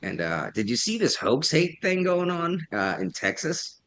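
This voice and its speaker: A man's voice: a little high, very animated, a little slow, fairly bright tone, slight background noise. A man co-hosting a casual political chat show, talking in a sarcastic, mocking way and often mimicking others. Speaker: podcast co-host.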